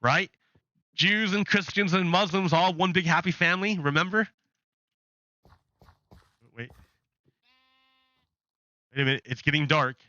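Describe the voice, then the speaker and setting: A man's voice: high-pitched, measured pace, pauses often, bright, forceful tone, no room sound, muffled recording. A man giving chatty, sarcastic commentary while playing a game, often restarting sentences. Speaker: gaming channel host.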